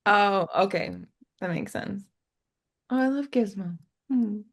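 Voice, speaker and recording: A woman's voice: medium pitch, slow. A young woman co-hosting a podcast, chatting casually and retelling scenes with giggles and acted quotes. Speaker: podcast co-host. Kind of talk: casual chat.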